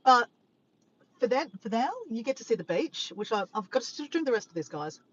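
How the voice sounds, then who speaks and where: A woman's voice: a little high, lively intonation, a little fast, a bit bright, slightly rough, lo-fi sound. A woman chatting casually on a live stream from her car by the beach, reading viewer comments, laughing and teasing playfully.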